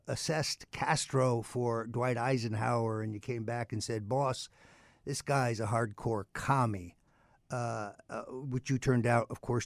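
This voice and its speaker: Halting radio talk host, dry sound. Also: male voice, medium pitch, no room sound. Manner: halting, full of uh's, with grand introductions.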